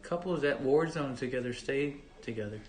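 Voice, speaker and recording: A man's voice: medium pitch, moderate pace. Joking man, roomy echo. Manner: joking, animated. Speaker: co-host. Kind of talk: casual couple chat.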